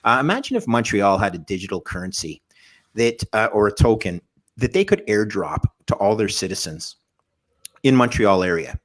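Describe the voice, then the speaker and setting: A low, husky man talks in a lively panel chat. His pitch swings widely as he tells jokey stories and acts out little scenes. The voice has a slightly rough edge. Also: moderate pace. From Canada. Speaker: podcast guest. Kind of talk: animated storytelling in a panel discussion.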